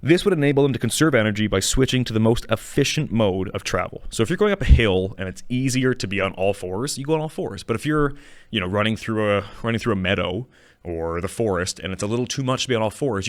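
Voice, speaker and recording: A man with a fairly low voice hosts a relaxed educational show, wandering through his points and stopping to correct himself. He chuckles now and then. The recording is dry, with no room echo. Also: quick pace. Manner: rambling, self-correcting, chuckling. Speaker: show host. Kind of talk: casual educational talk on dinosaurs. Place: small studio.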